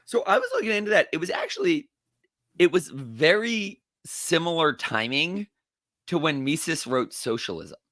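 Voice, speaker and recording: A man who is a podcast guest, talking casually and thoughtfully, pausing to correct himself. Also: a little high, huge pitch swings, a bit bright, dry recording, clean studio sound.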